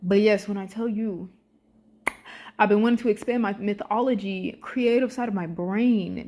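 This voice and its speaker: Animated young woman gushing as a fan. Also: mid-range voice, normal speed. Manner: excitable and animated, swears freely, uses slang. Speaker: vlogger. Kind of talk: casual fan commentary.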